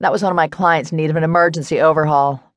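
A woman's voice: low-pitched, steady tone, racing, no room sound, studio quality, close to an everyday voice. A woman voicing a nosy, teasing woman who works as a stylist, with a playful, prying manner, in an audiobook.

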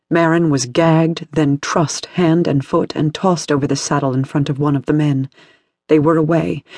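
Male audiobook narrator, husky, dry studio sound. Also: fairly high pitch, darkish tone, no room sound.

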